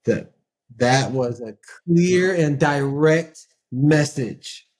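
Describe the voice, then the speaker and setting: A man with a slightly high voice talks as a podcast guest. He clarifies his points carefully and tells stories with animation. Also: extremely slow, darkish tone. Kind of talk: candid relationship talk.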